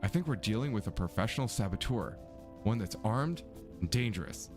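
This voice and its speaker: A man's voice: on the low side, animated, fairly quick, over music, close to an everyday voice. A man voicing an earnest young woman amateur detective in a mystery game, reading her dialogue steadily in his own voice.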